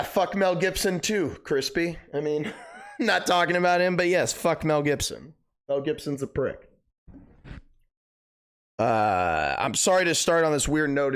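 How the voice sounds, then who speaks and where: A man's voice: mid-range voice, a bit bright. A young man hosting a live stream, chatting casually and rambling, swearing a lot, his voice cracking. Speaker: livestream host.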